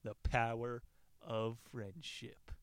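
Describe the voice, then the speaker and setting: A man's voice: medium pitch, little pitch movement, slow pace, a bit bright, a little hiss or hum. A man casually retelling a survival story, joking and swearing freely as he reads passages aloud. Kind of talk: casual retelling with quoted readings.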